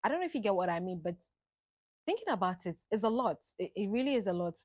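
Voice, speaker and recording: A woman, musing aloud in an unhurried reflective monologue. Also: mid-range voice, sing-song, darkish tone, dry recording. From Ghana. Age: late 20s. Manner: musing, unhurried, drifts between thoughts. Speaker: vlogger.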